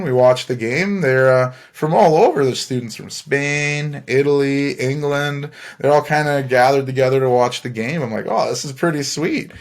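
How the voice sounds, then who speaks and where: A young man from Canada hosting a podcast, telling a rambling story alone, laughing often and swearing freely. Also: mid-range voice. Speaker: podcast host. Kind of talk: casual storytelling monologue.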